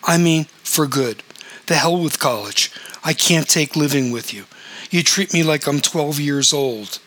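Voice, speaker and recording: A man's voice: on the high side, unhurried, fairly bright tone. A man voicing a sullen, frustrated twenty-year-old son in a story reading. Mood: defiant.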